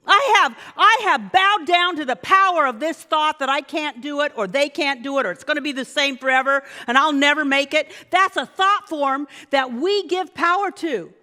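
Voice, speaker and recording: A woman minister giving a sermon, animated and coaxing her congregation to repeat lines after her. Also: high voice, normal speed, hardly any pauses. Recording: long hall reverb.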